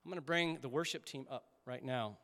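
A pastor delivering a conversational sermon, emphatic at times and dropping to soft prayerful tones. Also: male voice, medium pitch, brisk, long reverb tail. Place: church sanctuary.

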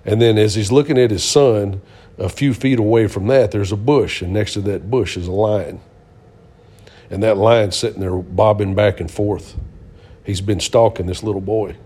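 Man, middle-aged, husky, warm and dark tone, earnest preacher-style storytelling. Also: fairly low pitch, fairly even intonation, normal speed. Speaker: co-host of a Christian talk show. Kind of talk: casual testimony and storytelling.

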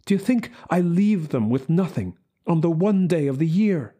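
A man voicing a worried, bitter mother who mutters distractedly, in a higher voice than his narration. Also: animated, moderate pace, warm tone. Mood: distraught.

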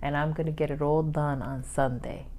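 A woman chats as a podcast co-host, her voice sitting on the low side. She gets riled up easily and laughs often as she talks. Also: fairly even intonation, moderate pace, mellow. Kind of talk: casual chat.

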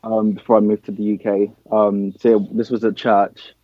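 A young man from Nigeria chats about his drumming in a low, level voice, loose and filler-heavy. The sound is dry and a little dull, like a remote call. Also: moderate pace, dry recording. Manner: relaxed, filler-heavy, says man and dude. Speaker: band drummer. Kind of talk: casual interview chat.

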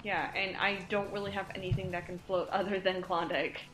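A woman's voice: medium pitch, level tone, brisk, roomy sound. A woman playing in a tabletop game, thinking aloud with hesitant fillers. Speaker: player.

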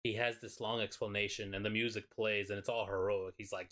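A man with a lowish voice co-hosts a podcast, chatting casually. He retells a show with excitement and plenty of swearing. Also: fairly quick. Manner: excited, profane, animated retelling. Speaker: podcast co-host. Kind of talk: casual chat.

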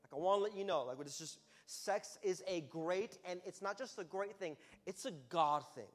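A man preaching as a youth pastor in a sermon, talking in a loose, conversational way that breaks into loud, emphatic bursts. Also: high voice, normal speed. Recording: long hall reverb.

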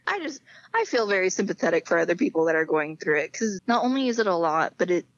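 A woman's voice: lowish voice, big pitch swings, quick pace, dry recording. A young woman chatting as an interview guest, full of filler "like", acting out quoted conversations with others. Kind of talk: casual chat. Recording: slightly dull lo-fi sound.

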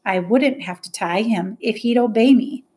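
A woman voicing an older, strict country schoolteacher who speaks in a sharp, indignant, prim way. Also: on the high side, normal speed, close to an everyday voice. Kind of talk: audiobook character voice.

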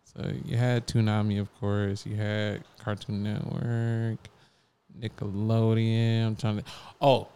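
Playful podcast co-host with a slight Southern twang. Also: male voice, lowish voice, slow, clean tone. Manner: animated, playful, laughs often. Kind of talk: casual chat.

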